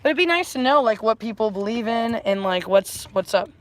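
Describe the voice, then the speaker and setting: A woman's voice: fairly high pitch, expressive, a little fast, slight background noise. A woman chatting casually to livestream viewers, rambling and effusive, repeating affectionate phrases and slipping into spiritual pep talk. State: emotional, close to tears. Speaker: livestreamer offering readings.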